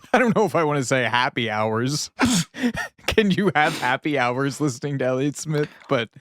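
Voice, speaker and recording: A man co-hosting a podcast, chatting casually and laughing often between jokes and bits. His pitch swings widely as he talks. The sound is close and dry, with no room around it. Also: lively intonation, unhurried, fairly bright tone, dry recording. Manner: jokey, laughs often, does silly voices. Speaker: podcast co-host.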